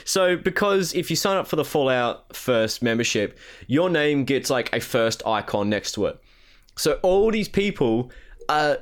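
A man co-hosting a casual gaming podcast, ranting with lots of swearing and mocking impressions. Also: on the high side. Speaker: podcast co-host.

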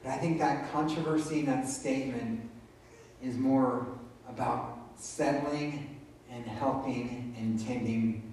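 A man's voice: medium pitch, fairly even intonation, takes it slowly, darkish tone, slight background noise. Male pastor, casual preaching manner, recorded from afar in a strongly reverberant room. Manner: conversational, retelling scripture in his own words. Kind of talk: sermon. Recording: very echoey room, voice from a distance.

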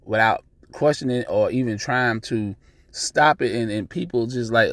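A man's voice: medium pitch, unhurried, no echo. Blunt, profane man ranting, dry sound. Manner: blunt, profane, animated, repeats himself. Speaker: podcast host. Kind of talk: casual ranting monologue.

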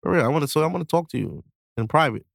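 A man's voice: fairly high pitch, expressive, rapid-fire, vocal fry, no echo, clean studio sound, full character voice. A man voicing a cocky man in his late twenties bluntly hitting on a woman.

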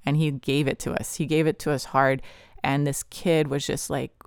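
Earnest podcast host with a smooth voice. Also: mid-range voice, level tone, moderate pace, dry recording, clean studio sound. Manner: earnest, vivid, with frequent "like" fillers. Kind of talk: personal testimony storytelling.

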